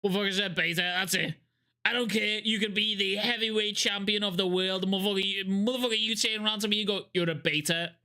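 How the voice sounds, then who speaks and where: A young man reacting to a video with loud, profane, excitable banter. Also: high voice, fast talker. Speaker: YouTube reaction host.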